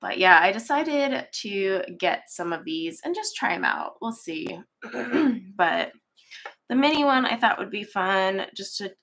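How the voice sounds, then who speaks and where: Female host, unhurried, congested, chatty casual stream talk on webcam mic. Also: medium pitch, a bit bright. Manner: chatty, rambling, many ums and laughs. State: stuffy and congested. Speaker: coloring channel host. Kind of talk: casual livestream chat. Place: home art studio.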